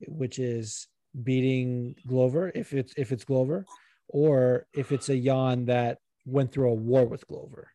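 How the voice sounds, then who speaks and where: A man co-hosting a casual podcast who rambles along, swears freely and gets animated. His voice is warm and mellow. The recording is dry and close. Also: mid-range voice, measured pace, dry recording. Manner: rambling, profane, animated, puts on regional accents. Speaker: podcast co-host. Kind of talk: casual chat.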